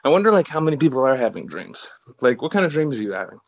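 A man's voice: mid-range voice, very animated, quick pace. A man co-hosting a casual podcast, talking in a laid-back way with lots of "like" and frequent swearing. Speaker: podcast co-host. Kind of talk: casual chat.

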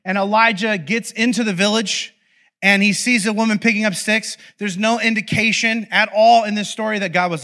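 A man preaching a casual, conversational sermon, telling the story in an animated, playful way with lots of asides. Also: high-pitched, moderate pace. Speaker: pastor.

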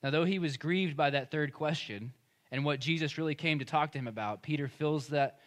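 Emphatic preacher, higher-pitched man. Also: moderate pace. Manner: conversational and emphatic, acting out quoted speech. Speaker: pastor. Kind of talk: sermon.

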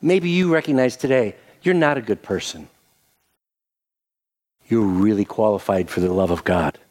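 Older guy pastor preaching, lively up-and-down voice, acting out little quotes, goes soft for prayer. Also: on the low side, moderate pace. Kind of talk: sermon.

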